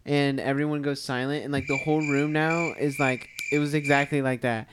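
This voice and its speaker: A man's voice: mid-range voice, fairly even intonation, a little fast, noisy background. A young man co-hosting a casual podcast, telling a rambling story with lots of fillers. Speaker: podcast co-host. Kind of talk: casual chat.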